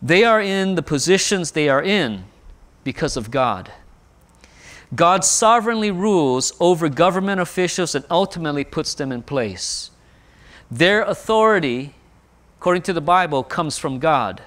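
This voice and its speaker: A pastor preaching a sermon, explaining scripture with rhetorical questions and rising emphasis when quoting. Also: male voice, a little high, lively intonation, normal speed, a bit bright.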